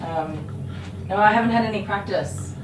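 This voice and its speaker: A woman's voice: medium pitch, moderate pace. A woman hosting a casual livestream from her grooming room, chatty and self-deprecating. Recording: roomy, distant mic with background noise.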